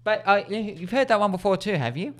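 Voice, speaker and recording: A man's voice: high-pitched, expressive, fast, a bit bright. A man hosting a radio show in casual chat, laughing often and stumbling over words. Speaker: radio host.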